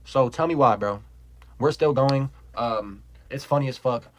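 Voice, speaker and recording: A young man speaking at a measured pace in a medium-pitched voice tells a casual storytime on poor audio. It's rambling and profane, heavy on "like," and he's animated, laughing throughout.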